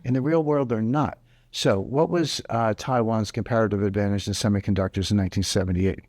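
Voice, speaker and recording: A man's voice: fairly low pitch, steady tone, brisk, a little mellow, no echo. Emphatic man explaining economics, dry sound. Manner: emphatic, explanatory, repeats key points. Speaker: interview guest, economic commentator. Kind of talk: interview answers.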